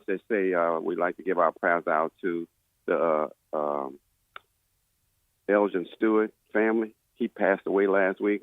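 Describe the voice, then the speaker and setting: A very deep male voice coming through a tinny phone line, halting and full of pauses as he calls in to a radio show. The sound is dry and narrow. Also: no echo. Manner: halting, many fillers. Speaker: caller. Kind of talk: phone-in call.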